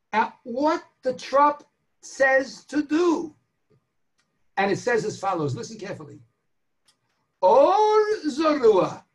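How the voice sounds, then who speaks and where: Animated preaching man with a lively voice. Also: sits high. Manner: animated, emphatic, drawn-out stresses and rhetorical questions. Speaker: rabbi giving a daily Torah class. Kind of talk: sermon-style Torah lecture.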